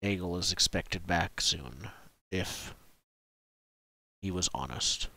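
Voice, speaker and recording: A stern, aging village chieftain, as a male game master puts him on, speaking slowly and with grave command in a tabletop role-playing game. The voice sits low and heavy, and it comes across dry and close, with no room sound around it. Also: pushed and bright, no room sound, heavily acted. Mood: weary.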